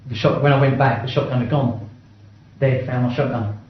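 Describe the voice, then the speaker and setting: A man's voice: mid-range voice, steady tone, fairly quick. A middle-aged man giving a blunt first-person account in an interview, swearing often and stumbling over restarts. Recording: very echoey, dull-sounding room recording.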